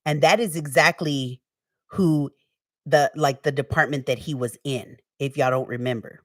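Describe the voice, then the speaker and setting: A woman with a rumbling low voice hosts a casual livestream at a normal pace, chatting about her topic in slangy, easygoing language and calling her viewers "y'all." She wears earphones on her stream setup, and the sound is studio quality with no echo, though the mic sits at a distance.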